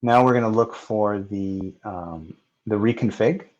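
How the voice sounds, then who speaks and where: A man with a lowish voice talks through a software installation, step by step, in a plain, unhurried way with the odd "uh". The audio is dull and lo-fi, like a screen recording. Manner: plain, step-by-step narration with fillers. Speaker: software tutorial presenter. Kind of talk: screen-recorded technical walkthrough.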